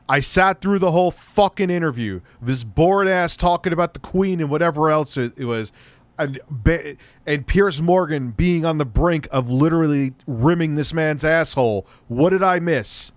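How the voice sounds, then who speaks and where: A man's voice: on the high side, moderate pace, dry recording. A man giving a sarcastic, profane reaction commentary, ranting in disbelief. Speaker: commentary youtuber.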